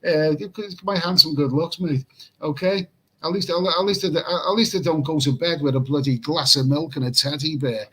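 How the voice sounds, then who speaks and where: A man's voice: fairly high pitch, normal speed, pushed and bright, breathy edge, rough recording. A man hosting a late-night livestream and reading chat comments in a casual, rambling way. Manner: rambling, repeats himself, chuckles at chat comments. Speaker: livestream host. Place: room in Pattaya at night.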